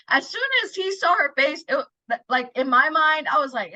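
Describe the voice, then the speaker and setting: A woman guest in a casual movie chat, blunt and teasing, quick to push back. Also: high-pitched, bright, forceful tone, dry recording, dull audio.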